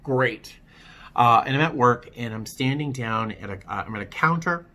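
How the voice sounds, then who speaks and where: A man with a bright, forward tone and an ordinary middle pitch tells his own story in a personal testimony vlog. He speaks candidly, with a wry edge, and often stops to restart his sentences. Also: lively intonation. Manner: halting, with frequent restarts. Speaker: vlogger telling his recovery story.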